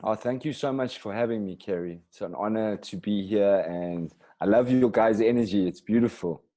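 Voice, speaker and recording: Mellow South African man, friendly guest. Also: lowish voice, normal speed. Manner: friendly, laughs easily. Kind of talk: casual interview chat.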